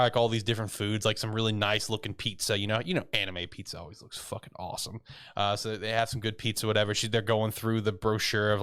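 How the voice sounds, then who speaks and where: A man's voice: on the low side, a bit bright, clean tone. A man casually recapping an anime episode on a podcast, rambling and swearing with frequent laughs. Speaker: podcast co-host. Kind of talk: casual anime review chat.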